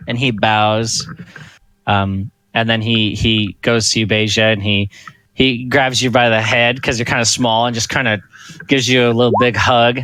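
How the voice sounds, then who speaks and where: A man's voice: mid-range voice, little pitch movement, normal speed, sharp tone, no room sound. A man narrating as game master of a tabletop game, laid-back and full of fillers.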